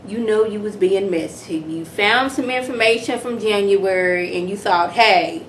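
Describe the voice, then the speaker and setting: A young woman giving a casual, animated episode review to camera at home, breaking into mocking impressions. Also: mid-range voice, normal speed, a little hiss or hum. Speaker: reality TV reviewer. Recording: echoey room.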